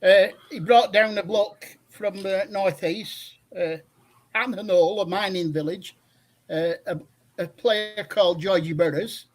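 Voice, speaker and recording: On a fan phone-in, an older caller with a high, unhurried voice chats at length. His stories wander and are broken up by frequent hesitations.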